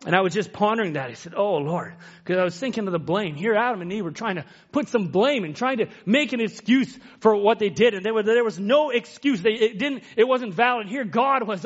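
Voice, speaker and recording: A male preacher delivering an emotional sermon, swinging from loud exclamations to hushed near-whispers. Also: high-pitched, lively intonation, fairly quick, few pauses, dull audio.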